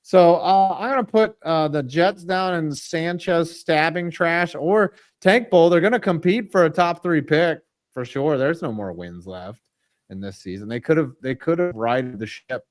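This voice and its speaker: A man's voice: a little high, lively intonation, unhurried. A man co-hosting a casual sports podcast, blunt and jokey, with frequent swearing. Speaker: co-host.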